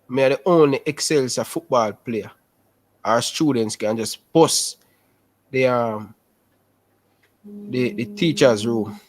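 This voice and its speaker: A young man with a Jamaican Patois accent, telling his life story in a casual interview over a video call, animated and repetitive. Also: mid-range voice, slow, long pauses. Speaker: interview guest.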